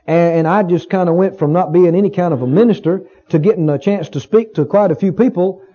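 A man's voice: sits high, fairly quick, mellow, breathy edge. A male pastor preaching a sermon in a folksy, emphatic way, often repeating his phrases for weight. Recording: dull lo-fi recording.

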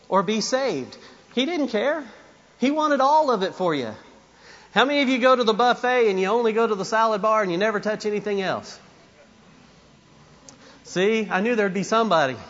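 A man's voice: sits high, a bit bright, muffled recording. A man preaching a sermon, emphatic and repetitive, with asides to the congregation. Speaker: pastor.

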